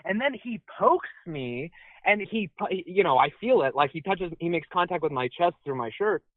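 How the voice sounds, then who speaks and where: A high-voiced man calls in over a tinny phone line and tells his story. His voice swings up and down a lot as he goes. The sound is dry and close. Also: normal speed, no room sound. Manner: animated, high-pitched, jumps up when quoting himself. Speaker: phone-in caller.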